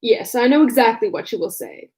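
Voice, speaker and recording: A woman reading aloud and voicing a witty, teasing young gentleman with mock-formal manners. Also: on the high side, sing-song, fairly quick. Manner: mock-formal, then simpering when he affects a pose.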